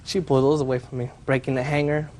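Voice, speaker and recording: A man testifying as defendant in court, retelling events step by step with halting restarts. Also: mid-range voice, level tone, darkish tone, a little hiss or hum.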